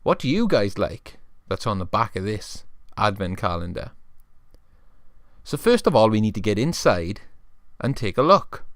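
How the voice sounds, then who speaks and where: A man's voice: fairly low pitch, dry recording, studio quality. A man narrating a toy play story and chatting to young viewers as a channel host.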